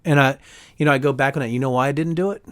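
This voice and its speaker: Racing along in a smooth, fairly bright, medium-pitched voice with no echo, a middle-aged congressman and author holds forth as an interview guest. His animated talk is emphatic and heated, full of quotes delivered in voices and repeated "right?".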